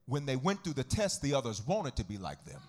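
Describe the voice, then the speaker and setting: A man preaching a sermon as pastor, swinging from quiet teaching into sung, shouted whooping. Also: wildly swooping pitch, fairly quick. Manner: whooping preacher rising into sung shouts, then dropping low.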